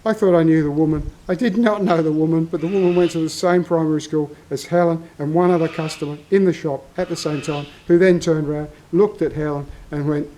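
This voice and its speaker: A man's voice: on the high side, fairly even intonation, brisk, hardly any pauses, mellow, a little hiss or hum, low-quality recording. Rambling Australian man telling a story. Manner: rambling, self-interrupting storyteller. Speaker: vlogger. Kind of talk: casual storytelling.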